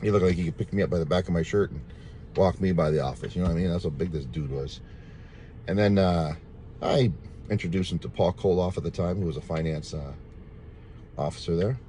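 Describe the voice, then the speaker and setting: A man's voice: low-pitched, fairly quick, warm tone, slight background noise. A man casually telling viewers a rambling, repetitive personal testimony, full of thanks to God. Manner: religious, thankful. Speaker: storyteller sharing a testimony.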